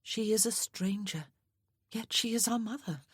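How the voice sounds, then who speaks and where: A woman reading as an impulsive, earnest young woman, voice a little raised above her narration, slightly husky. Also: medium pitch, unhurried, no room sound, studio quality, voice pushed up. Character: young woman, newly wed, emotional, affectionate.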